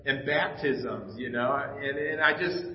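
A man's voice: mid-range voice, takes it slowly. A middle-aged man preaches from the pulpit and shares a personal story, quoting the other people in it as he goes. His voice rings through a reverberant church sanctuary. The recording is slightly dull, with faint background noise. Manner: storytelling, acting out dialogue, emotional. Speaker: pastor. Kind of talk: personal testimony in a sermon.

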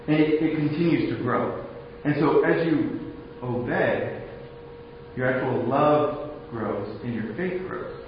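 A man's voice: mid-range voice, a little hiss or hum. A man preaching a sermon in a conversational way, often restarting his phrases, recorded in a church hall. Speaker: pastor. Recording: echoey hall, dull lo-fi sound.

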